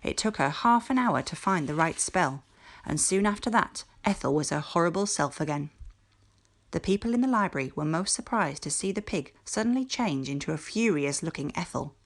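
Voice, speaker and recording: A woman teacher reading a children's book aloud in a clear, measured storytelling voice. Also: lowish voice, lively intonation.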